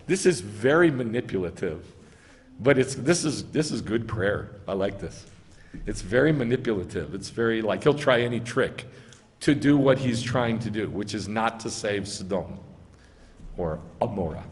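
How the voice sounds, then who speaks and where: A man's voice: mid-range voice, lively intonation, measured pace, in a large hall. A man preaching as a rabbi, reading scripture aloud and arguing its meaning, rising to emphasize key lines. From United States. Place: synagogue sanctuary.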